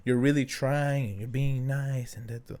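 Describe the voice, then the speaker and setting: A young man co-hosting a podcast in casual chat, telling stories and acting out quotes with sudden high jumps in his voice. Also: normal speed. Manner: animated storyteller, acts out quotes with big pitch jumps. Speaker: podcast co-host.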